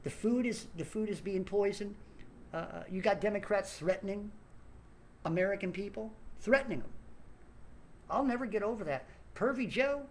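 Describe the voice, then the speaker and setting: A man's voice: high voice, moderate pace. A man in an angry, swearing political rant who keeps stumbling over and repeating words. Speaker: online commentator.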